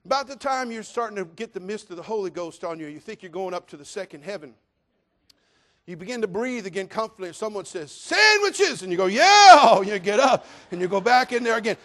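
A man preaching a humorous sermon, telling a comic story with animated delivery and sudden loud exclamations. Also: high-pitched, fast talker. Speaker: pastor.

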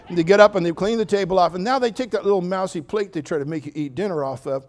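An older man preaching a sermon as pastor, telling funny stories with sudden loud outbursts, then speaking more quietly and earnestly. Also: high-pitched, fast. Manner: humorous, animated storytelling with sudden loud outbursts. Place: church.

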